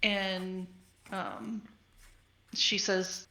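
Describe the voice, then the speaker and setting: A woman player in a tabletop game, speaking slowly and hesitantly. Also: medium pitch, flat delivery, vocal fry, bright, forceful tone. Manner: slow, hesitant. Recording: echoey room.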